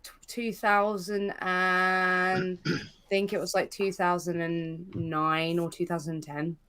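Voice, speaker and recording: A woman in her twenties playing a quiz, chatty and quick to exclaim. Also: lowish voice, little pitch movement, a bit bright, clear, resonant tone. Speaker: quiz contestant. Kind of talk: casual chat.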